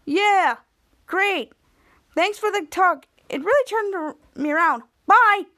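A woman voices a sarcastic, exasperated teenage boy, pitching her voice very high, above her natural range, and speaking expressively at a normal speed.

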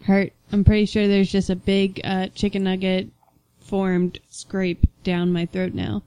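A woman's voice: mid-range voice, a little slow, smooth, dry recording. A young woman chatting casually, telling stories and acting out what people said. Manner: animated storyteller, acts out quoted voices. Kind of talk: casual chat.

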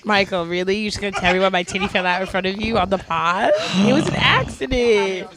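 A woman's voice: medium pitch, fairly quick, crowd noise. A woman in her twenties hosting a podcast, teasing and chatting casually with friends. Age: 20s. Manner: playful, teasing, interrupts. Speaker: podcast host. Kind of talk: casual chat.

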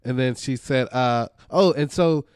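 A man's voice: medium pitch, unhurried, a little mellow, smooth, no echo. Male podcast co-host, casual recap, rambling delivery with frequent laughs, dry close mic. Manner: rambling, laughs often while retelling.

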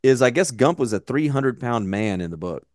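A man's voice: medium pitch, expressive, normal speed, darkish tone, no echo, clean studio sound. A man co-hosting a podcast, chatting casually about a movie in a blunt, profane, rambling way. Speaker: podcast co-host. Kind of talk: casual movie-review chat.

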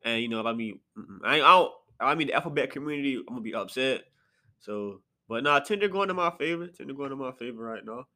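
A man's voice: medium pitch, lively intonation, fast talker, pushed and bright. A young man hosting a solo podcast, rambling and profane, often mocking himself. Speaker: podcast host. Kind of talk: casual solo podcast rant.

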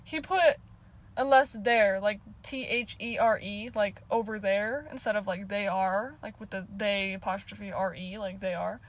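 Speaking at a measured pace in a mid-range voice, this young woman in her twenties does a loose storytime for her viewers as a vlogger. She fills her talk with "like," swears a lot, and laughs often.

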